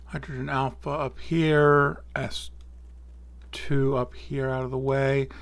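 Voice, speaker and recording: Man calmly talking through software steps. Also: medium pitch, takes it slowly, vocal fry, dry recording. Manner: relaxed, thinking aloud with small slips and self-corrections. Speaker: astrophotography tutorial host. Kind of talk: casual screen-recorded software walkthrough.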